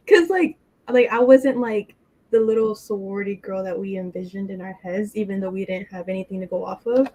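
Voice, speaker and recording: A young woman on a podcast as a guest, telling a story in a casual, animated way and acting out the voices of friends on a video call. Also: mid-range voice, normal speed. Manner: animated, acts out quoted friends. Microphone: computer mic on a video call.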